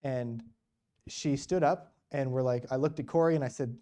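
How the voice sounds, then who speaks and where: Mellow-voiced man telling a sermon story. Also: medium pitch, moderate pace. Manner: conversational, full of rhetorical questions and "you know". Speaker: guest speaker at a church. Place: church.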